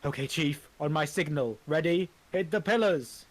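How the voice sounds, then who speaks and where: A man's voice: fairly high pitch, moderate pace, close to an everyday voice. A man voicing a cocky young male swindler in an amateur script reading, with urgent, stammering outbursts.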